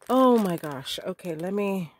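A woman's voice: mid-range voice, slight background noise. A woman crafter unboxing a package in a casual vlog, gushing with gasps and exclamations. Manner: gushing, gasping, frequent exclamations. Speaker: crafter on a design team.

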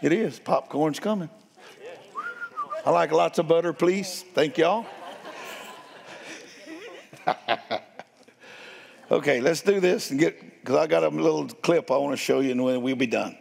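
A man preaches a storytelling sermon, his voice set a little high, gravelly and husky. He speaks slowly with lively swings in pitch and a playful manner. The long reverb of a church hall carries every word. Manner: animated, playful, laughs while telling stories. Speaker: guest preacher. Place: church sanctuary.

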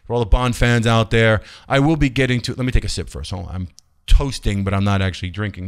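A man's voice: fairly low pitch, quick pace, clear, resonant tone. A man hosting his own film channel, talking casually in a rambling, chatty way with many fillers and restarts. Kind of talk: casual vlog talk.

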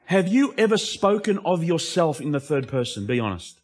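A male pastor preaching an impassioned sermon that swings between emphatic lines and hushed asides. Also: a little high, sing-song, normal speed.

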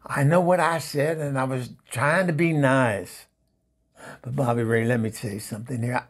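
A comedy show regular, speaking in a mid-range voice, plays a gravelly Southern woman on the phone, much-married, divorced, and quick with a barb. The monologue is full of exasperation, sassy insults, and flustered stammering.

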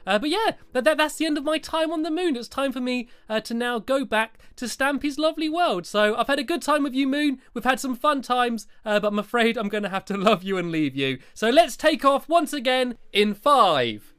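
A man's voice: very high-pitched, lively intonation, a little fast, hardly any pauses, a bit bright, clean tone, dry recording, studio quality. A man narrating a Minecraft game in character, playful, with many stammered restarts and giggles. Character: cheerful cat character exploring the moon. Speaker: Minecraft let's play host.

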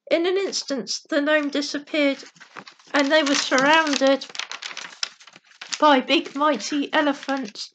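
A woman reading a bedtime story aloud in a gentle, unhurried way, correcting herself now and then. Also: sits high, fairly even intonation.

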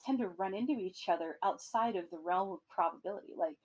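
Woman, husky voice, podcast host, casual swearing storyteller. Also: medium pitch, fast talker, highs cut off. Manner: animated storytelling with profanity.

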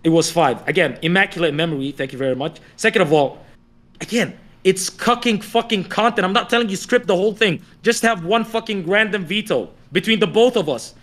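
A man's voice: sits high, fairly quick, a bit bright. A man co-hosting a talk show, pushing his point in a heated casual debate and swearing often. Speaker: co-host.

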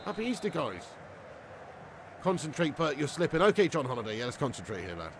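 A man doing live commentary on his game stream, excitable, yelling at plays and chatting with viewers. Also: mid-range voice, quick pace, background noise.

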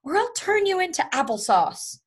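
Brief: a woman putting on a mean storybook teacher, breathy and shrill, bossy and spiteful. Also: very animated, moderate pace, a bit bright, full character voice. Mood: shrieking. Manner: shrill, shrieking threats.

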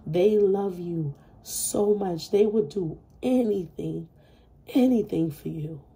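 A woman gives a tarot reading to camera in a relaxed, heartfelt way, repeating soothing reassurances and swearing freely. Her voice is very mellow and dark, with a gravelly edge. Her pitch sits in the middle. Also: slow pace, low-quality recording. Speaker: tarot reader.

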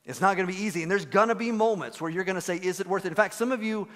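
A male pastor delivers his sermon with earnest emphasis, leaning on repeated phrases. His voice sits slightly higher than most men's. A long hall reverb from the sanctuary trails every line. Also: racing, a bit bright.

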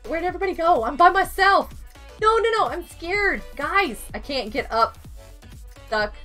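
Streamer: high, bright, lively woman, giggly and excitable, game music underneath. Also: moderate pace. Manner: excitable, giggly, talks to chat. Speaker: live streamer. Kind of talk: casual gaming live stream chat.

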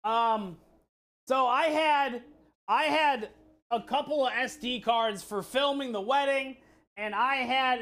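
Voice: medium pitch, a bit bright. A streamer cooking live and chatting with viewers, telling a long, rambling story full of swearing and restarts. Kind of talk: casual chat with live chat while cooking.

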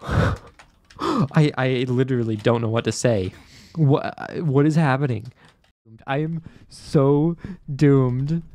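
A man's voice: mid-range voice, slow, a little mellow. A young man giving frustrated, exasperated commentary while playing a game, with repeated outbursts and complaints. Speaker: gaming streamer. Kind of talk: raging gameplay commentary.

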